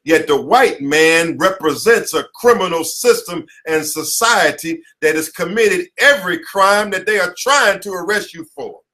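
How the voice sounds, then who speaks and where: Passionate American male attorney, high-pitched and forceful, delivering an emphatic, preachy lecture. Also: lively intonation, measured pace, few pauses. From United States. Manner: preachy, emphatic, repeats slogans. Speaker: attorney teaching a class. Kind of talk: impassioned lecture. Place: his office headquarters, indoors.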